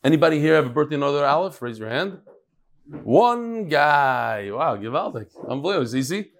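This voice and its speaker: A rabbi's daily class unfolds casually before a live audience in a study hall, with joking and banter between lessons. He speaks briskly in a sing-song, creaky voice on the high side.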